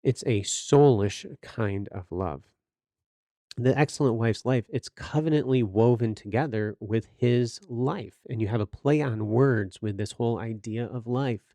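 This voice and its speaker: A man's voice: mid-range voice, measured pace, dark tone, dry recording, studio quality. A man hosting a podcast, giving earnest, sermon-like Bible teaching with rhetorical questions and direct exhortation. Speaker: podcast host teaching scripture.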